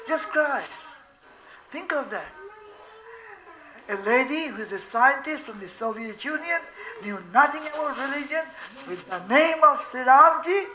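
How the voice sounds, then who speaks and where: A man with a high, bright voice gives a devotional talk before a live audience. He speaks slowly, chanting verses and putting questions to his listeners. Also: a little hiss or hum, rough recording. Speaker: spiritual teacher. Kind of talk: devotional satsang discourse.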